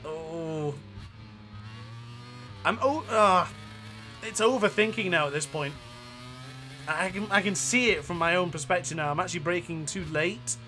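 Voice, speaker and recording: A man with a northern English accent giving chatty, excitable gameplay commentary while racing, laughing often. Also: sits high, measured pace, pauses often, faint music behind.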